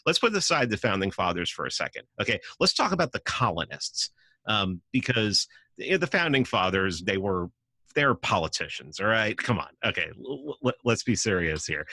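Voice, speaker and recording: A man from New York City, a podcast guest, argues casually in conversation with a tense, bright voice that sits low, recorded with no echo. He is emphatic and profane and acts out quoted voices.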